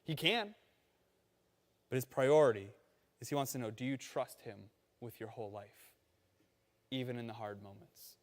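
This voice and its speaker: A man preaching a sermon in a conversational, animated storytelling manner, acting out quotes along the way. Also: medium pitch, moderate pace, pauses often, in a large hall. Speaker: pastor.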